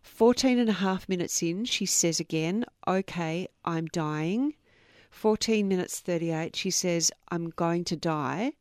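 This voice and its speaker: A woman's voice: fairly low pitch, a little slow, darkish tone, clear, resonant tone, no room sound, clean studio sound. A middle-aged woman hosting a true crime podcast, reading out quotes earnestly and adding personal asides. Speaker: podcast host.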